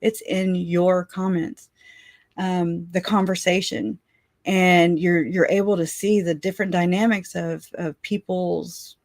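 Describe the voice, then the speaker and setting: Woman on a livestream chatting with her viewers, kinda slow and rambly, laughs a lot, dry sound. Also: lowish voice, level tone, a little mellow, no room sound. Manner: rambling, laughs often, reads out viewer comments. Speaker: livestream host. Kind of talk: casual livestream chat.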